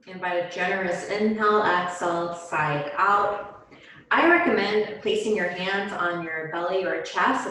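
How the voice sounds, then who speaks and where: Woman yoga instructor, low-pitched, calm guided cues, very reverberant room. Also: slight background noise. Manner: slow, calm, soothing cues with pauses. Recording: very echoey room.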